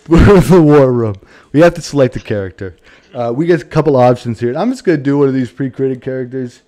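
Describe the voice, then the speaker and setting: Excitable swearing male streamer, mellow voice. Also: mid-range voice, a little fast. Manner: excitable, profane, mock-dramatic rants. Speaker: streamer host. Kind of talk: casual livestream chat while gaming.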